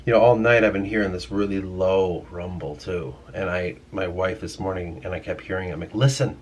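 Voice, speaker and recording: A man's voice: sits low, steady tone, a little fast, a little hiss or hum. A young man musing casually to his camera at home, rambling and swearing often, trailing off mid-thought. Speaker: vlogger. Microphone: camera mic.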